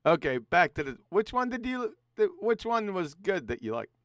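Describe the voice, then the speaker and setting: A man hosting a casual online panel chat, easygoing and quick to laugh. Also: high-pitched, very animated, a bit bright, no echo, clean studio sound. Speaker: host of a live online panel.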